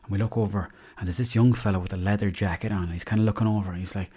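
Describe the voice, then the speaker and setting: Low-voiced Irish man telling stories. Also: fairly even intonation, racing, warm tone, husky. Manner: chatty, swears freely, tall-tale humour. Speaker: podcast host. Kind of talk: casual comic storytelling.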